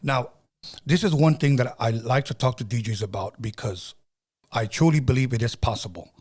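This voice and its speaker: A middle-aged man hosting a podcast, telling stories in a loose, animated way with slang and cursing. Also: mid-range voice, moderate pace, husky. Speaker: podcast host. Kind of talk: casual storytelling chat.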